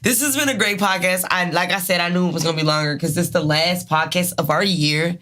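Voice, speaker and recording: A woman in her twenties with a Maryland accent, co-hosting a podcast in casual, profane, animated chat. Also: fairly low pitch, quick pace. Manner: candid, profane, animated storytelling. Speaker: podcast co-host.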